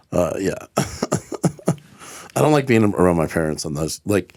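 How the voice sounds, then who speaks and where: A deep-voiced man from South Carolina hosts a casual podcast, rambling loosely through his asides. The recording is close and dry, with no room sound. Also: no echo. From South Carolina, USA. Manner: relaxed, quick reactions, rambling asides. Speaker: podcast host. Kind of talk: casual chat.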